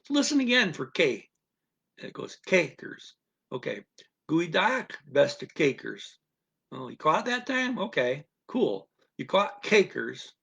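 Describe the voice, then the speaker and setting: Pitched high with big swings, vocal fry, and a fairly bright but husky tone, this male language teacher runs a listening lesson on a live stream. Patient and repetitive, he moves slowly, restating instructions and asking "okay?" over and over.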